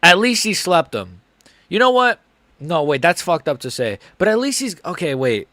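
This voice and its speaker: A man with a slightly higher voice than most, streaming live reactions to fights. He rambles, swears freely and swings between highs and lows, recorded dry and close with no room sound. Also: very animated, moderate pace, bright, forceful tone, no echo. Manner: profane, rambling, emotionally swinging.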